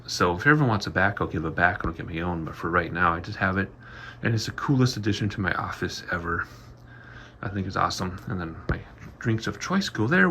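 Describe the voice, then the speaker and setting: A man's voice: lowish voice, fairly bright tone, a little hiss or hum. A man giving a chatty, rambling tour of his home office studio, a little out of breath. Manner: rambling, chatty, frequent ums. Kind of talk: casual walkthrough vlog.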